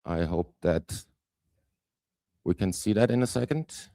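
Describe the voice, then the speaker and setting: A man in his forties from southern Germany with a German accent, giving a conference talk haltingly with lots of fillers. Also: low-pitched, dark tone, no echo. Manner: hesitant, many fillers, self-deprecating. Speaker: guest speaker. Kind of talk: conference presentation.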